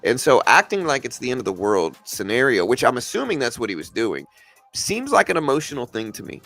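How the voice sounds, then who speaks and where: A man's voice: medium pitch, very animated, a little fast, gravelly, a bit bright, faint music behind. A man hosting a casual livestream about the markets, talking straight back at viewers and often stumbling and restarting as he argues his point. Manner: repeats himself, stumbles and restarts. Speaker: livestream host. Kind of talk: casual livestream market commentary answering chat.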